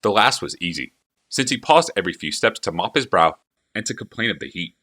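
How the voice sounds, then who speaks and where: A man narrating an audiobook in a low voice with a bright, sharp edge. His delivery is expressive and moves freely up and down in pitch. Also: a little fast. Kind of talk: audiobook reading.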